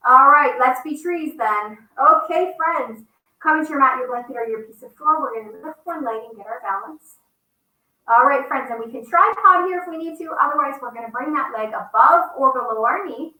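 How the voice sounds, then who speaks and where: Bright-voiced woman leading kids' yoga. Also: high-pitched, expressive, moderate pace, recorded from a distance. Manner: upbeat, coaxing, talks directly to children. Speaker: kids yoga teacher. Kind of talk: children's yoga class with story reading. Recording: roomy echo.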